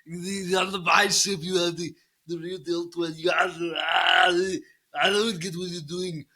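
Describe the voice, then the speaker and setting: A young man playing a baffled guy who scolds someone with rapid, exasperated questions. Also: sits high, little pitch movement, bright, forceful tone, full character voice.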